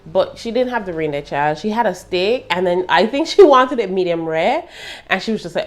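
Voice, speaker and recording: A woman's voice: lowish voice, brisk. Young british woman gossiping about a tv show, laughs a lot, chatty and loose. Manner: animated, laughing, slangy asides. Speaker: TV review vlogger. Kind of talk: casual chatty review.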